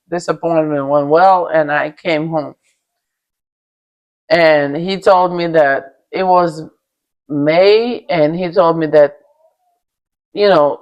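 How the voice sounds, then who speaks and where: A young woman from Russia with a Russian accent, bluntly telling a personal story and swearing freely. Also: deep voice. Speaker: vlogger.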